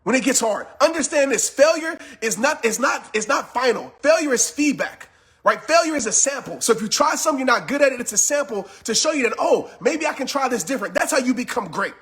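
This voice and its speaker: A man delivers a fired-up motivational talk, his voice strikingly high and the words rushing out fast. He yells with intense, repetitive urgency, hammering the same phrases again and again. He has just come from a workout. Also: lively intonation. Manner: yelling, intense and repetitive, preachy. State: just finished working out. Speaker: motivational speaker.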